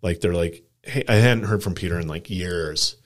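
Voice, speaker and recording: A man in his forties from Colorado, USA, with a low-pitched voice, co-hosts a casual podcast and tells a story. He wanders from one detail to the next, peppering it with "like" and acting out quick impressions of what people said. His tone stays relaxed and chatty.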